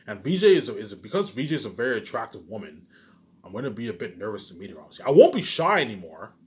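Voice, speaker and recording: Fast-talking man in a rambling monologue. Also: on the low side, big pitch swings, a little mellow. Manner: repetitive, fills nearly every sentence with "obviously" and "you know what I'm saying"; profane, emphatic and grandiose. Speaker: channel host. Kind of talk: rambling solo monologue to viewers.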